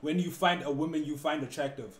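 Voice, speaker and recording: A man from South Africa livestreaming prank chats with strangers, teasing them with deadpan, playful banter. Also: on the high side, brisk. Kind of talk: prank chat with strangers on video call. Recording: echoey room with faint background noise.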